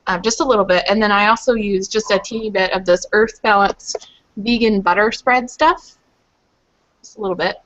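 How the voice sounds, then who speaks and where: A woman's voice: mid-range voice, steady tone, normal speed, a bit bright, a little hiss or hum. Chatty woman on muffled webcam audio. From Louisville, Kentucky. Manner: chatty, rambling with many fillers. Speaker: guest on a group video call. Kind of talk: casual chat.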